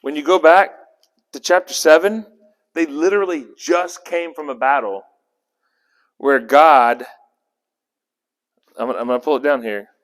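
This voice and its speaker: A man's voice: a little high, unhurried, long pauses. Rambling conversational man teaching in a hall. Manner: conversational, rambling, self-correcting. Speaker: Bible study teacher. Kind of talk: casual Bible study teaching. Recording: long hall reverb.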